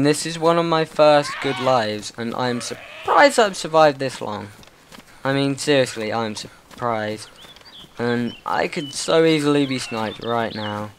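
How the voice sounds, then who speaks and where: A man's voice: on the low side, a bit bright, a little hiss or hum. A young man hosting a gaming channel, giving casual, nervous, rambling commentary and talking to the zombies in his game.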